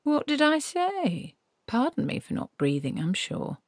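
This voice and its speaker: A woman's voice: low-pitched, animated, measured pace, vocal fry, a little mellow, breathy edge, no echo, heavily acted. A woman doing a smug, sly talking tree. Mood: lecturing. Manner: sly, lecherous, lecturing. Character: smug talking apple tree, a former male wizard.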